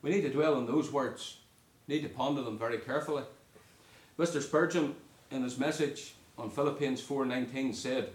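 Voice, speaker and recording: Emphatic British preacher in echoey hall. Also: male voice, medium pitch. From United Kingdom. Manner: earnest, emphatic preaching with pauses. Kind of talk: sermon.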